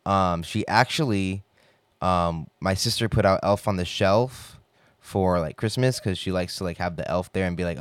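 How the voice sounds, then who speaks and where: A man's voice: deep voice, moderate pace, clean tone, dry recording. A young man rambling in a casual, profane monologue full of filler words.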